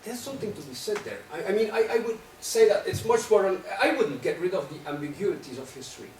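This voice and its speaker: A man in the audience presses a provocative argument and keeps checking in with a rhetorical "right?". His voice sits a little high. He is picked up from far off in an echoey hall with faint background noise. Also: expressive, fast, darkish tone. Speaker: audience questioner. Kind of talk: academic Q&A discussion. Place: lecture hall. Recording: echoey room, distant mic, faint noise.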